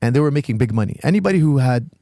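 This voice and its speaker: Fast-talking gravelly man from Canada. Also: expressive, dark tone, dry recording. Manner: emphatic, builds to sudden high-pitched outrage. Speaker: coach and gym owner, podcast guest. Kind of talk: animated storytelling in casual conversation. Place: podcast studio.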